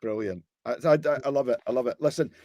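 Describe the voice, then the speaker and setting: A man hosting a podcast, chatting casually and asking quick questions. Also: mid-range voice, mellow, no echo. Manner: short encouraging interjections and quick questions. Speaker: podcast host. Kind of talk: casual interview.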